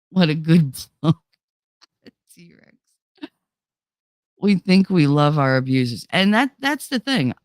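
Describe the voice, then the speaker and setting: Gravelly, blunt-talking woman streamer. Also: deep voice, darkish tone, no room sound, clean studio sound. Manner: blunt and profane, laughs often. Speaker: livestream host. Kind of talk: casual chat, reading viewer chat.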